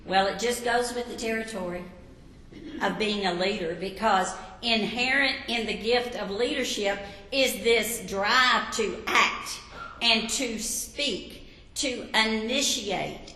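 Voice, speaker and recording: A woman teaching a sermon, telling Bible stories and asking the listeners questions. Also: mid-range voice. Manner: warm storytelling, asks the listeners questions. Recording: echoey hall with long reverb.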